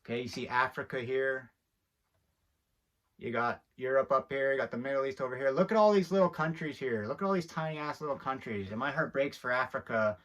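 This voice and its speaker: Talking directly to the camera, another video host delivers preachy, heated commentary and grows increasingly agitated. His mid-range voice is a bit bright and moves a little fast.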